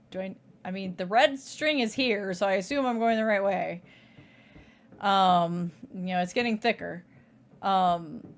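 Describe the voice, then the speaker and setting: Sarcastic woman streamer. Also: lowish voice. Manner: sarcastic, swears casually, thinks aloud. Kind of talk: let's play commentary.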